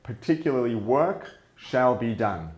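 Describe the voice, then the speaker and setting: A man's voice: medium pitch, lively intonation, a little slow, darkish tone, highs cut off. A man teaching a religious text, thinking aloud, repeating and rephrasing his points and posing rhetorical questions. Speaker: rabbi teaching Torah. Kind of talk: explaining a text to an audience.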